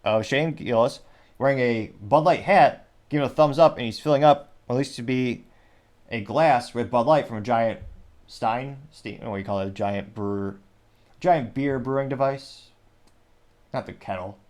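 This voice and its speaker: A man's voice: mid-range voice, normal speed, a little mellow. A man hosting a casual commentary show, reading social media comments aloud with wry, rambling asides and frequent self-corrections. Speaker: host.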